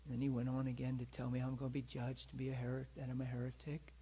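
A man's voice: medium pitch, monotone, fast, warm tone, breathy edge. A man preaching a storytelling sermon in an earnest way, often checking that his listeners follow him.

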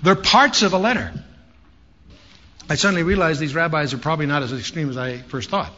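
A man's voice: on the high side, fairly quick, bright, forceful tone. A man teaching a Bible study in a conversational way, with storytelling asides. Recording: dull lo-fi sound with faint hiss.

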